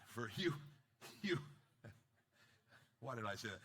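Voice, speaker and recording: A man preaching a sermon, his voice bright and forceful. He is animated, acts out the lines he quotes and jokes with his listeners. He drops to near-whispered asides, then breaks into loud bursts. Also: mid-range voice, measured pace, long pauses. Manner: wide swings from quiet asides to loud bursts. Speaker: pastor.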